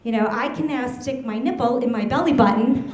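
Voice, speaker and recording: A young woman doing a stand-up comedy set, telling stories with a deadpan edge and laughing at her own jokes. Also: a little high, brisk, slight background noise. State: heavily pregnant. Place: comedy club stage. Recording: roomy club echo.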